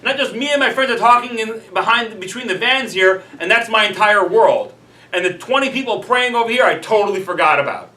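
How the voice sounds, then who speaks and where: A man's voice: sits high, fairly quick, pushed and bright. A man, a rabbi, teaching a class in a casual, chatty storytelling way, full of "like" and "you know". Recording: roomy echo, mic at a distance.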